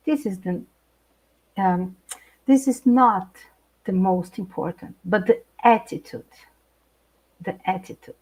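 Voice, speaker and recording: Slow-talking Brazilian woman. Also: mid-range voice, husky, rough recording. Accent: Brazilian Portuguese. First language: Portuguese. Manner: animated, laughs often, hesitant non-native phrasing. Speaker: guest speaker, intercultural trainer. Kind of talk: live video chat.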